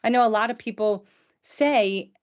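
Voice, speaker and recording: A woman's voice: fairly high pitch, normal speed, dull audio. A woman hosting a live Q&A, asking long, chatty questions about patient care. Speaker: host. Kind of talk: live Q&A interview.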